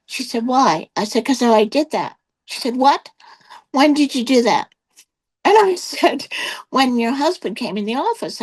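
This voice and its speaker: A woman's voice: fairly high pitch, rough recording. An older woman sits as an interview guest and tells her personal testimony. She rambles through the story with fillers and restarts, acting out the back-and-forth of old conversations as she goes. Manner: rambling storytelling with many quoted exchanges and fillers.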